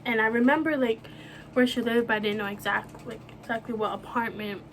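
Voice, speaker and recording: A young woman telling a personal story on her vlog, emotional and halting, with many restarts and filler words. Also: on the high side, fairly even intonation, a little hiss or hum. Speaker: vlogger.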